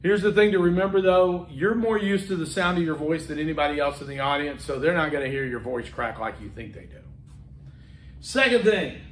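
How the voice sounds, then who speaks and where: A middle-aged man lecturing a college class in an echoey classroom. He talks loudly, with chatty asides and repeated words, and his fairly high voice swings up and down a lot. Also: a little fast, recorded from a distance, slight background noise. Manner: animated, loud, chatty with asides and repetitions. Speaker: college instructor. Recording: echoey room.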